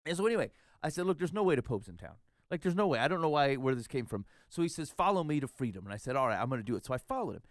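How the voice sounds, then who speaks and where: A man's voice: mid-range voice, no echo, studio quality. A man telling a long, rambling, self-deprecating tall tale in casual podcast chat. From Iowa. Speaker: podcast host.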